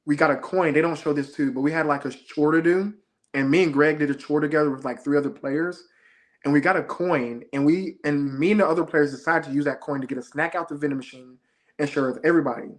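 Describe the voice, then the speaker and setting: Young guy, kinda high voice, easygoing slangy storytelling in a chill interview. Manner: laid-back storytelling, slangy. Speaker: reality show contestant guest. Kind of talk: casual interview chat.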